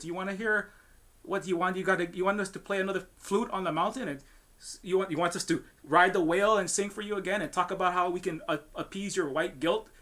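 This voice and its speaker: Bright, forceful and high-pitched, this voice belongs to a Hawaiian man who founded a game studio. Speaking on a panel, he gets heated and rants, cursing and starting sentences over frequently, in an impassioned discussion.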